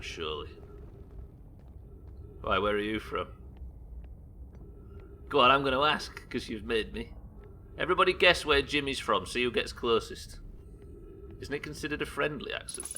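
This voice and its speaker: A man's voice: mid-range voice, expressive, normal speed, long pauses, sharp tone, slight background noise. A young man from the UK streaming a game live, rambling, self-deprecating and swearing casually as he reads his viewers' messages aloud. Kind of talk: live gameplay commentary chatting with viewers.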